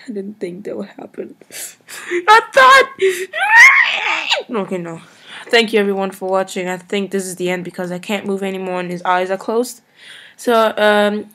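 A young woman commenting on a video game she is playing, chatty and swinging between loud outbursts and low mumbles. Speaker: let's play gamer. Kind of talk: let's play commentary. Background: faint game music.

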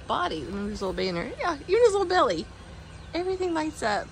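A woman with a slightly high voice walks her phone camera around her front porch in a casual home decor walkthrough. She is chatty and upbeat, laughing often and letting excited squeals slip out. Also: fast talker, slight background noise. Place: outdoors on a front porch and yard.

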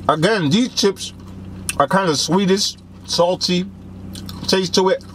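A young man hosting a casual snack taste-test vlog, animated and joking, with lots of slang. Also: high-pitched, slow pace, slight background noise. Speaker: snack reviewer.

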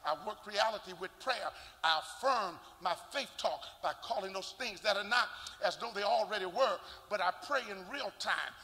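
An older man, a bishop, preaching a sermon with shouting, rhythmic sing-song delivery and call-and-response. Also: high voice, lively intonation, moderate pace, few pauses. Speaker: bishop and pastor. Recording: long church reverb.

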